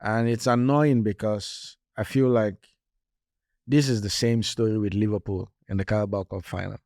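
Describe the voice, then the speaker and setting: A man's voice: lowish voice, fairly even intonation, moderate pace, darkish tone, no echo, clean studio sound. A man co-hosting a casual football podcast, talking in an emphatic way and repeating his points. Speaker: podcast co-host.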